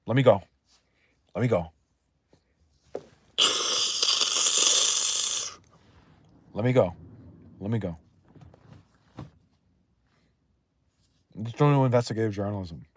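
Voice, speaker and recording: A man's voice: fairly low pitch, a little mellow, dry recording. A man putting on a panicky, paranoid man who frantically repeats himself and begs to be let go. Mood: pleading. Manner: frantic, repetitive, whining.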